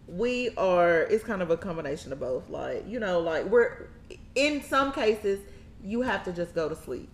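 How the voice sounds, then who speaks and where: A woman hosting a casual chat show, talking in a loose, relaxed way with slang and soft asides. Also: moderate pace. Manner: laid-back, drops into low murmurs, loose slang. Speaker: podcast host. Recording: echoey room, faint ambience.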